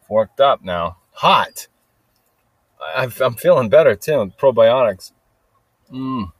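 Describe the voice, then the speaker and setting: A man hosting a podcast, telling a story in a rambling, restless way that swings from low mutters to sudden loud bursts. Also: no echo. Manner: rambling, restless, talks to himself with lots of "like" and "freaking". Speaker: podcast host. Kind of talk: casual storytelling monologue.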